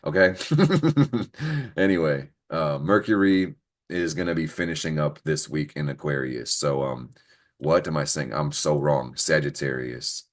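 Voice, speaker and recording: A man's voice: a bass voice, measured pace. A young man hosting a casual astrology show, joking, swearing freely and laughing often, recorded on a computer call. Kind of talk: casual weekly astrology talk. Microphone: computer mic on a screen-recorded call.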